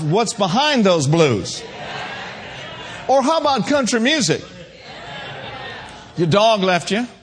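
A man's voice: high voice, a bit bright, slight background noise. A man preaching a sermon, emphatic and humorous, calling out to his congregation.

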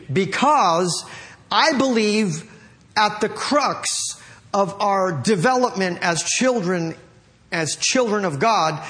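A middle-aged male pastor preaching a sermon, emphatic, slowing and swelling as he reads scripture aloud, repeating phrases and calling on the congregation to answer. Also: high voice, a bit bright. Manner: emphatic, slows down and rises when reading scripture aloud; repeats and restarts phrases, calls on the congregation to respond.

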